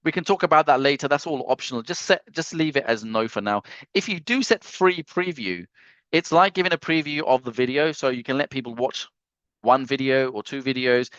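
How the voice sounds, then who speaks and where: A man hosting a live software training webinar over a video call, reading chat comments aloud, teasing and joking between walkthrough steps. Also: mid-range voice, normal speed, dry recording. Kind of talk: casual live screen-share tutorial. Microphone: computer mic on a video call. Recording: dry, slightly dull video-call audio.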